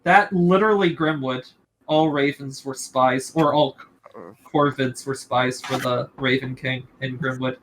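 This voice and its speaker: A woman's voice: a bass voice, fairly even intonation, measured pace, slight background noise. A woman playing a tabletop role-playing game with friends, chatting casually with many "likes" and talking eagerly about birds. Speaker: player.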